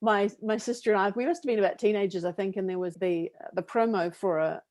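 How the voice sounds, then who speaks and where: A woman with a New Zealand accent co-hosting a casual chat over a video call, animated and quick to laugh as she tells stories. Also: mid-range voice. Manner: animated, laughs often while telling stories. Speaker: co-host.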